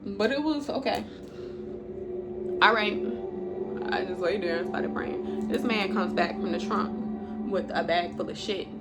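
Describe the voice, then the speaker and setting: A woman's voice: medium pitch, unhurried, pauses often, over loud music. Blunt, profane woman telling a story. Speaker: YouTuber telling a personal story. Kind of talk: storytime vlog.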